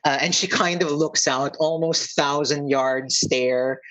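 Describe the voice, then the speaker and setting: A woman's voice: deep voice, slow pace, a bit bright, low-quality recording. A woman narrating as game master in a tabletop game, rambling with many fillers.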